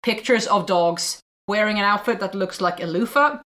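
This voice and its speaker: A woman co-hosting a podcast, recapping a film in casual chat, animated and full of restarts and acted-out quotes. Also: mid-range voice, normal speed. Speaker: podcast co-host.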